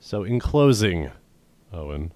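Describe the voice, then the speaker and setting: A young man with a very low voice co-hosts a comedy podcast. His delivery is deadpan and meandering, full of crude jokes and dry asides. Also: takes it slowly. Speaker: podcast co-host. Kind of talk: casual comedic banter.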